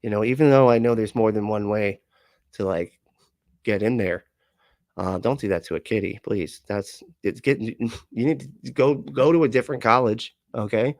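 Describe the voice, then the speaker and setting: A man's voice: fairly low pitch, normal speed, darkish tone, dry recording, clean studio sound. A man hosting a casual livestream, talking loosely with a sarcastic edge and laughing often as he rambles and swears freely. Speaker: livestream host.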